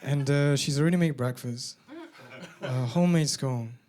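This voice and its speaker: A man performing a stand-up comedy set, animated and bursting into shouted punchlines. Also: medium pitch, normal speed, a crowd in the background. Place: comedy venue with a live audience.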